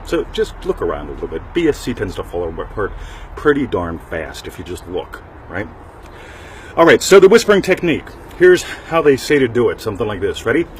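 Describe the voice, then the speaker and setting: Middle-aged man, low voice, casual rambling host, jokey asides, faint traffic noise behind. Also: big pitch swings, brisk. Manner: rambling, joking, with frequent "right?" asides. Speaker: podcast host. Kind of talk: casual talk show monologue.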